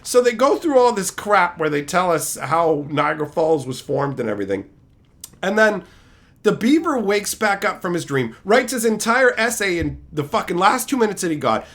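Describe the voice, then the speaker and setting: Profane ranting male streamer, wildly swinging pitch. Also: big pitch swings, moderate pace. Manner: profane, exasperated, escalating into shouting rants. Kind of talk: ranting storytelling to a live chat.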